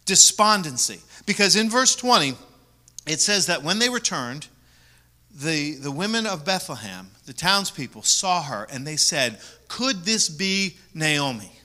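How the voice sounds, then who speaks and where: Bright-voiced man preaching a sermon. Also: on the high side, very animated, a little slow. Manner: preaching with emphatic repetition, swinging between loud and soft. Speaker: pastor.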